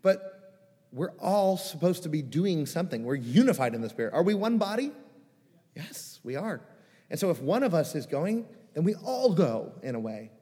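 A man's voice: on the high side, big pitch swings, normal speed, warm tone, slightly rough, big-room sound. A man preaching a sermon as a pastor, earnest and pleading, asking the congregation rhetorical questions in a conversational way. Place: church sanctuary.

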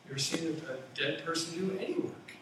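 A man's voice: fairly high pitch, fast, background noise. A man preaching a sermon as a pastor, conversational, with playful asides. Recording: roomy echo from far off.

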